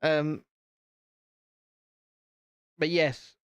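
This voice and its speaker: Chatty British man, slightly high voice. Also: steady tone, drawn-out words, clear, resonant tone, no room sound. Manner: chatty, self-deprecating, talks to viewers. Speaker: live-stream host. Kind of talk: casual chat while building.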